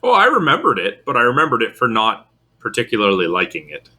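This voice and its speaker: A man co-hosting a film podcast, casually arguing his opinions with lively shifts in tone. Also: quick pace, breathy edge. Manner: opinionated, lively pitch swings, argues his points. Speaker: podcast co-host. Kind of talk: casual film review chat.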